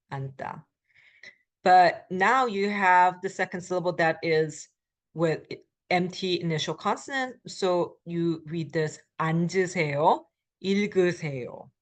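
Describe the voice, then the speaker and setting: In this recorded language lesson, the instructor is a middle-aged woman with a lowish voice who explains patiently, pausing often and saying "um" a lot.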